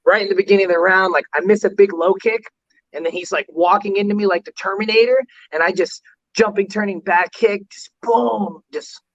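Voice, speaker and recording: Brief: male fighter guest, high pitch, loose filler-heavy storytelling, lo-fi muffled call sound. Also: fairly even intonation, fairly quick. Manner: rambling, heavy use of "like" fillers. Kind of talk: casual storytelling interview.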